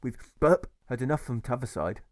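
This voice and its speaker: A man's voice: mid-range voice, expressive, brisk, a little mellow, dry recording, natural voice. Man doing fussy counsellor, sneezes and burps mid-line, dry close. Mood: pleading. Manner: sneezing, burping and sniffing mid-speech. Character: old-fashioned male town counsellor, mild and fussy.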